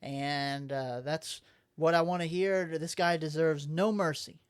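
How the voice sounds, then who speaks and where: A man's voice: on the high side, unhurried, smooth. A man co-hosting a casual podcast, recapping a comic book plot step by step in a conversational way. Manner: steady plot recap, acts out quotes. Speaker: podcast co-host. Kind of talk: casual chat.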